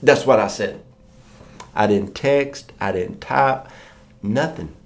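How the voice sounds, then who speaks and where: Man preaching, middle-pitched, chatty storyteller who voices the people he quotes. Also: slow. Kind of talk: sermon.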